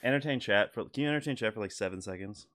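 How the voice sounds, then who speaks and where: A man's voice: lowish voice, racing, a bit bright. A man hosting a live stream, chatting loosely and profanely with lots of fillers. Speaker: stream host. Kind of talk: casual profane chat.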